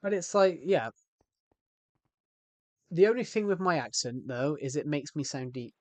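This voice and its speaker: Speaking a little slowly and expressively, this young West Country man has a fairly high voice and no echo. He's casually chatting on a live stream, wandering off topic, repeating things and restarting often.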